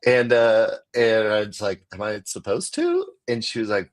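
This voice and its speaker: An American man telling a story in casual chat, animated, acting out the voices he quotes and laughing often. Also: lowish voice, normal speed. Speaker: comedian guest.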